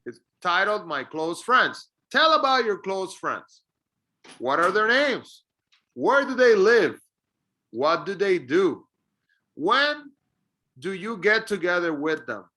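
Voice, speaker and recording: A man's voice: high voice, sing-song, slow pace, pauses often, bright, forceful tone. A man whose first language is Spanish, teaching an English lesson and patiently drilling example sentences. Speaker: ESL teacher.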